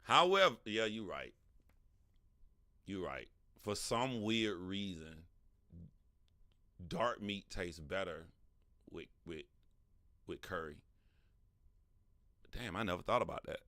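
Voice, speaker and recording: A man's voice: low-pitched, big pitch swings, takes it slowly, pauses often, sharp tone, no echo, clean studio sound. A man hosting a casual livestream and commenting animatedly, talking back to his chat and laughing often. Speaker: livestream host.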